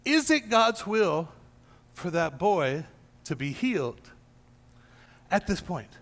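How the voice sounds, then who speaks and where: A man's voice: high voice, very animated, slow, a bit bright. A man leading an informal church gathering as pastor, telling a Bible story and acting out the quoted lines. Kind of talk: informal teaching to a small gathering. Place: church room. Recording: long hall reverb.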